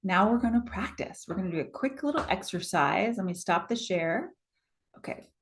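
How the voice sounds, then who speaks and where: Over a video call, an upbeat, supportive female presentation coach leads a live workshop and keeps checking in with her audience. She has a mid-range voice and speaks at a normal speed.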